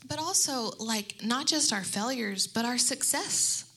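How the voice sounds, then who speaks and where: Bright-voiced woman, animated storyteller. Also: fairly high pitch, measured pace, slightly rough. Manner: animated storyteller who acts out quotes. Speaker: panelist speaking to moms. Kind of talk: faith-based panel talk. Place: room with an audience.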